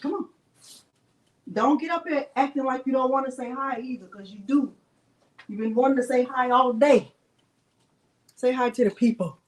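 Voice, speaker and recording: High-voiced playful woman streaming live. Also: normal speed, long pauses, poor audio. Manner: playful, chatty, greets viewers by name; coaxing baby talk toward her pet. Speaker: crafting livestream host. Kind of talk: casual live-stream chat.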